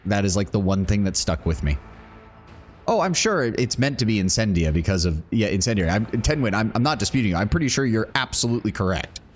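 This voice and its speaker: Deep-voiced man running a tabletop game. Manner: rambling, self-correcting when chatting. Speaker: game master. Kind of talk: tabletop game narration and chat.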